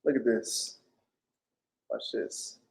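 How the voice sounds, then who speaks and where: A man preaching informally on scripture, often pausing to ask "right?" and restarting his sentences. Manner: keeps asking "right?", stops and restarts often. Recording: echoey room.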